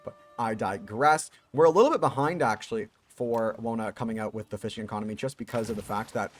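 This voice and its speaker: A man giving casual, chatty commentary on a strategy video game as its caster, with joking asides and lively emphasis. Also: on the low side, quick pace.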